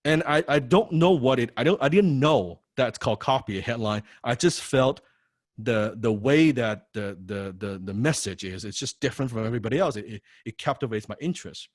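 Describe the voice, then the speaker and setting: A man teaching a copywriting course, telling a personal story in an animated, profane way, often repeating words and tagging lines with "right?". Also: mid-range voice, brisk, dry recording, studio quality. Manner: frequent rhetorical "right?". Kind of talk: personal story told in a lecture.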